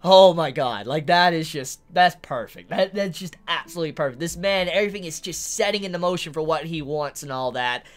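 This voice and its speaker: A woman breaking down a manga chapter in casual, excitable talk, swearing a lot and laughing often. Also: a little fast, hardly any pauses. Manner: excitable, profane, laughing, gets loud and shrill when thrilled.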